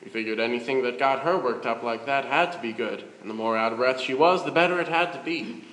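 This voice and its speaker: A man's voice: medium pitch, brisk, a bit bright, slight background noise. Man telling a story in an echoey church. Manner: easygoing, wry storyteller. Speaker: pageant narrator. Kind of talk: storytelling narration. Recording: echoey church hall, reverb.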